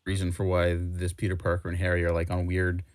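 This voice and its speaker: Male co-host, low voice, rapid and opinionated in a casual comic review chat. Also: completely flat delivery, dry recording. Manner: opinionated, quick asides.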